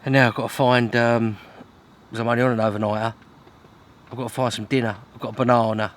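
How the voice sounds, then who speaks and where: Speaking fast in a level, mid-range voice over slight background noise, a British fishing vlogger addresses the camera outdoors at a lake in the wind and rain. The casual vlog is chatty and self-deprecating, punctuated by grumbling asides.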